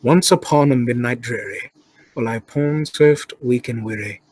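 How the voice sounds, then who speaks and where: A man reciting gothic-style verse in a put-on British accent, lowered and dramatic. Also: moderate pace, a little mellow, husky, dry recording, lightly acted, low-quality recording. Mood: mock-solemn.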